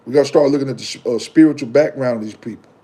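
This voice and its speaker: A medium-pitched man with a dark tone rattles through his vlog very fast. Speaking casually and with emphasis, he preaches at his viewers, goes over his points again and again, uses loose slang, and takes on comments.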